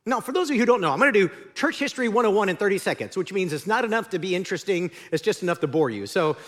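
A man's voice: sits high, animated, rapid-fire. A man preaching a sermon as the pastor, conversational and joking, speaking in a large church auditorium.

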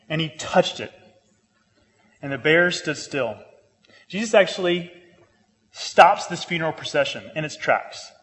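A man preaching a sermon, earnest, repeating phrases for emphasis and turning lively when he jokes. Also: on the high side, long reverb tail. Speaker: pastor.

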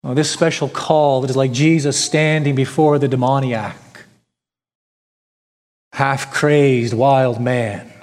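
A man's voice: medium pitch, steady tone, slow pace, a little mellow. A male pastor preaching a sermon, emphatic, with rhetorical questions and repetition. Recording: long hall reverb.

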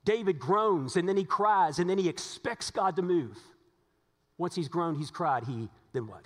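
A man delivers a Sunday sermon from the pulpit, voice sitting a little high for a man. He presses his points through repetition and rhetorical questions. The sound hangs in a long church reverb. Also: animated, normal speed. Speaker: pastor.

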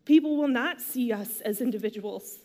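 A woman's voice: on the high side, moderate pace, warm tone. A woman preaching a sermon in a casual, chatty way, using slang and asides. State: emotional, near tears. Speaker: pastor.

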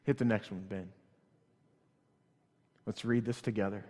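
A man's voice: fairly low pitch, steady tone, a little slow, a little mellow. A man preaching a sermon as pastor, emphatic, repeating lines for stress. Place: church hall. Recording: long reverb in a church hall.

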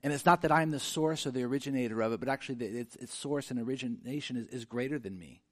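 A man preaching a sermon, earnest and conversational, moving from quiet reflection to emphatic, rising delivery. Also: mid-range voice, quick pace. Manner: conversational with frequent restarts. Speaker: pastor.

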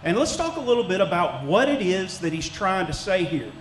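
Middle-aged man, church elder giving a sermon; chatty, high voice, echoey room with faint noise. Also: big pitch swings, a little fast. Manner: conversational, folksy, with many restarts and fillers. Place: church sanctuary.

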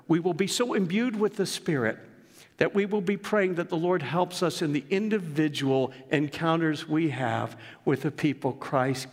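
This medium-pitched male pastor sounds like he's in a space with a long reverb tail. He preaches earnestly and emphatically, blending scripture with personal anecdotes.

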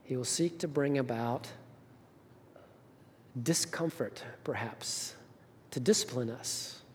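Pastor guy preaching in a big echoey church, tells it like a story, gets loud then goes quiet. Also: mid-range voice, takes it slowly, slight background noise. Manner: storytelling, rising to emphatic peaks then dropping soft. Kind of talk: sermon. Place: church sanctuary. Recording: reverberant hall.

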